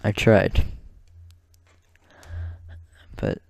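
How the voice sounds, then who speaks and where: A young man vlogging a casual rant to the camera, halting and out of breath, swearing and restarting his sentences. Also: darkish tone.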